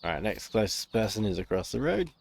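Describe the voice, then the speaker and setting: A man's voice: fairly low pitch, big pitch swings, a little fast, creaky, noisy background. A young Australian man streaming a game, chatting casually, joking, swearing freely and laughing often. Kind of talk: casual gameplay commentary.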